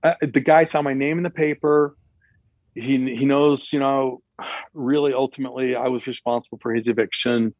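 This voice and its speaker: A man telling a personal story in a casual, animated way, acting out the dialogue with raised voices. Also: medium pitch, normal speed, no room sound, lo-fi sound. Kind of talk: casual anecdote.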